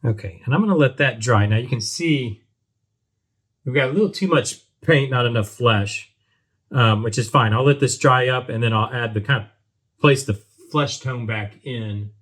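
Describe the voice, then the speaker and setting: At his home workbench, a man casually talks through building a model kit, thinking aloud with frequent ums and restarts. His voice is medium-pitched, a little bright, at a moderate pace.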